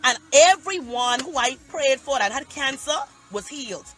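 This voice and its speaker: Pastor preaching into a phone live, high bright voice, keeps repeating lines hard, faint music behind. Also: animated, normal speed. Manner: emphatic, repetitive, dialect-heavy preaching. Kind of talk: impassioned preaching on a phone livestream. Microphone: phone livestream.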